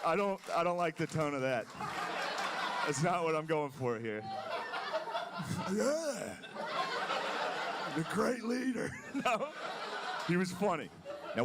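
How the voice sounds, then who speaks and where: A man doing a stand-up comedy set on a club stage, talking loosely with lots of "like"s. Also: medium pitch. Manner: loose, conversational delivery with many "like"s.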